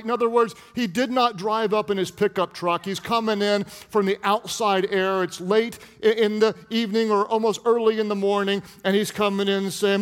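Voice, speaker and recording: A man's voice: high-pitched, steady tone, unhurried, a bit bright. A man preaching a humorous sermon as pastor, playful and teasing with the congregation. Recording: long reverb of a large hall.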